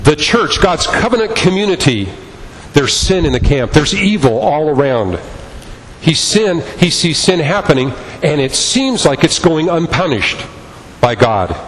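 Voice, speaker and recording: A man's voice: a little high, sing-song, a little slow, long reverb tail, a little hiss or hum, poor audio. A man preaching a sermon as pastor, impassioned and repetitive in his cadence.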